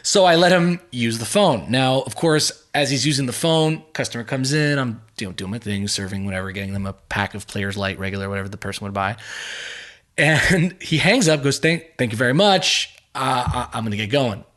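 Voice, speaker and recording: A man's voice: mid-range voice, fairly bright tone. Rambling male podcast host. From Montreal West Island. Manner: rambling anecdotes with laughs and restarts. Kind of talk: casual storytelling chat.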